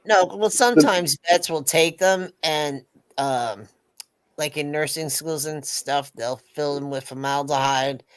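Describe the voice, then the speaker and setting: Low-voiced woman telling a lively story. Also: measured pace, clear, resonant tone. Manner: animated storyteller, swears freely. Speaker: co-host. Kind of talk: casual pub chat.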